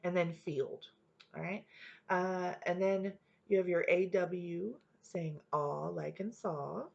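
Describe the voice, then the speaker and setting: A woman's voice: fairly low pitch, fairly even intonation, slow, vocal fry. A woman teacher leading a reading lesson for young students, patiently explaining step by step and checking in often. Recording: dull lo-fi home recording.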